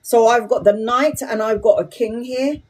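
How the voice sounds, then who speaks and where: A middle-aged woman giving a live tarot reading in a blunt, profane, animated way. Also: on the high side, moderate pace. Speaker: tarot reader.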